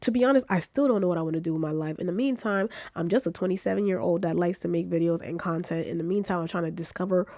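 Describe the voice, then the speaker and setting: A woman in her twenties with a British accent talks in a casual vlog while she has a cold. Her voice sits a little low and sounds dry and close. She keeps the story animated and jumps up in pitch whenever she acts out what she or others said. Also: quick pace, hardly any pauses, dry recording. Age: 20s. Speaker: vlogger.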